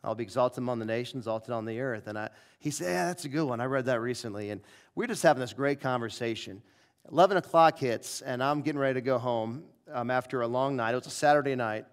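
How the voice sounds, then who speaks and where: A male preacher telling a personal story in a revival sermon, acting out the dialogue with lively shifts of voice. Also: mid-range voice, fast talker. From southern United States.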